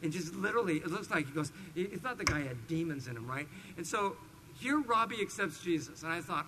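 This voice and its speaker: A middle-aged pastor with a fairly high voice for a man preaches to his congregation. He is animated, pushing some points out loud and dropping others to a near-murmur. A faint hiss sits under his voice. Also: a little fast, poor audio. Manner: animated storyteller, swings between loud emphasis and hushed asides. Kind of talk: expository sermon with personal stories.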